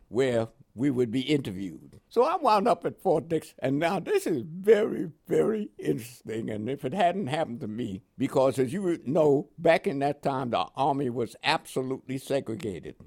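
Lively older man telling war stories. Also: mid-range voice, normal speed, gravelly, few pauses. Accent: New York with West Indian touches. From Panama. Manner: lively storyteller who laughs often and acts out dialogue. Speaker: interviewee, veteran. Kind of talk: oral history storytelling.

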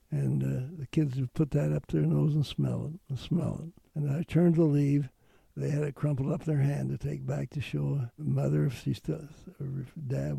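An older man telling a wartime story in an interview, earnest and halting with restarts. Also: on the high side, gravelly, warm tone, breathy edge, no room sound.

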